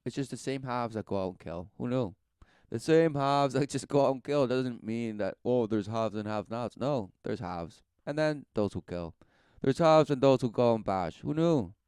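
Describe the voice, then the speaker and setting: Rambling preacher man, clear dry voice. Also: mid-range voice, normal speed, a little mellow, no room sound. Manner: rambling, keeps asking "who knew" and "right?". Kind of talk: rambling religious talk.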